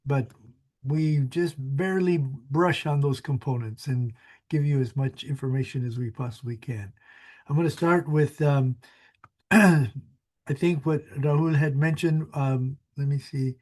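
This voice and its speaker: A man's voice: fairly high pitch, a little mellow. A man in his sixties, a small business advisor, giving a friendly, rambling webinar presentation with many fillers.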